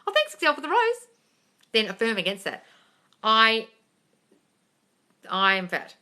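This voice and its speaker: A woman's voice: fairly high pitch, measured pace. A young adult woman hosting a casual live question-and-answer stream, blunt and sweary, calling her viewers darling. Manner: animated, jumps into loud excited bursts.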